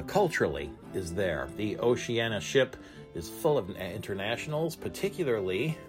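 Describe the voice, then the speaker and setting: A man hosting a radio show, telling travel stories in a chatty, casual way with string music playing behind him. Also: mid-range voice. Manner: chatty storytelling. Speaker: radio host. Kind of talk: casual talk radio monologue. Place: aboard a cruise ship.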